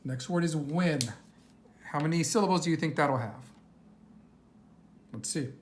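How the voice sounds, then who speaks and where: A woman teacher reading a worksheet aloud to young children, patient and slow, asking questions and answering them herself. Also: low-pitched, slight background noise.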